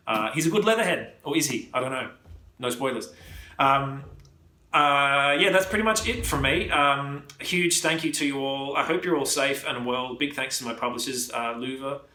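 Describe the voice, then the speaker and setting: A man with an Australian accent, an author reading his own novel aloud with lively first-person storytelling, then chatting casually with many fillers. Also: mid-range voice. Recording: echoey room.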